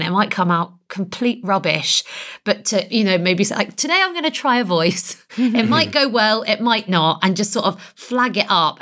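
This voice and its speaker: A woman's voice: medium pitch, a bit bright. A woman chatting casually as a guest on a group podcast, laughing easily as she talks. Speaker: podcast guest, tabletop player.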